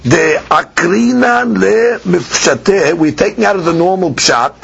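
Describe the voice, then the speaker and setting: Man, Talmud teacher, gravelly voice, sing-song chanting, dull lo-fi recording. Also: sits high, animated, a bit bright. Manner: sing-song reading of the text, then quick plain explanation; asks and answers his own questions. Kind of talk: Talmud lecture. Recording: dull lo-fi podcast recording with faint ambience.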